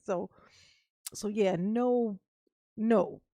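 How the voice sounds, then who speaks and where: A woman streamer with a medium-pitched voice draws out her words and takes long pauses, recorded in studio quality with no room sound. Reacting live to a court livestream, she chats casually with viewers and laughs often.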